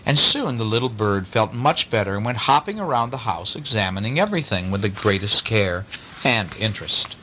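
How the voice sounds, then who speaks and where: A man's voice: lowish voice, sing-song, normal speed, pushed and bright, slight background noise, low-quality recording. A man reading a bedtime story aloud to a child, with coaxing asides to the listener.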